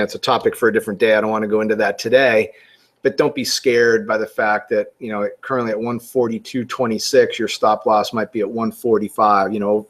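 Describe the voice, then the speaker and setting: Middle-aged male trader, webinar commentary, conversational and dryly sarcastic. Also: lowish voice. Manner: conversational, sarcastic, frequent restarts. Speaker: forex trader giving a webinar.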